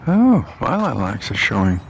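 A man's voice: mid-range voice, huge pitch swings, gravelly, a little hiss or hum. A man rambling aloud in a meandering walk-and-talk monologue, outdoors on his way home through a park. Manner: meandering, musing aloud with pauses and restarts. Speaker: vlogger.

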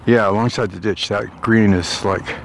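Guy with a low gravelly voice rambling on a walk thru the park, thinking out loud, bit of outdoor noise. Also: fairly even intonation. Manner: meandering, musing aloud with pauses and restarts. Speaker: vlogger. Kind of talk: rambling walk-and-talk monologue. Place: outdoors, walking through a park on the way home.

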